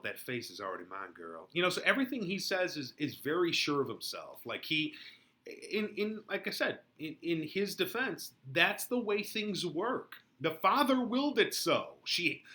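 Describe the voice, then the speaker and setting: A man casually teaching through a play, chatty and relaxed with frequent fillers. His voice is bright and sits slightly high. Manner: chatty, many fillers like "you know". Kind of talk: casual lesson commentary.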